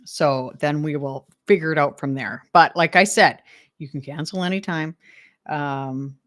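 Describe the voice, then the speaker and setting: A woman's voice: sits low, measured pace, fairly bright tone, dry recording, studio quality. A woman from Western Canada with a Canadian accent, chatting casually and enthusiastically with viewers as host of a live stream, laughing often. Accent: Canadian English. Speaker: host of a decluttering livestream.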